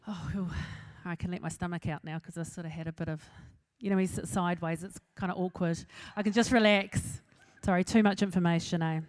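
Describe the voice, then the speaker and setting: A woman's voice: lowish voice, fairly even intonation, brisk, hardly any pauses. A woman in her forties with a New Zealand accent, giving a humorous talk to an audience, chatty and self-mocking, laughing at her own jokes. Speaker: speaker.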